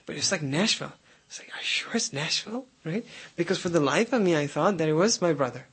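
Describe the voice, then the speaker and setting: A man's voice: a little high, animated, quick pace, slightly rough. A man giving a conversational sermon, telling stories and often checking in with "right?". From United States. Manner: conversational, keeps asking "right?". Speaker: preacher.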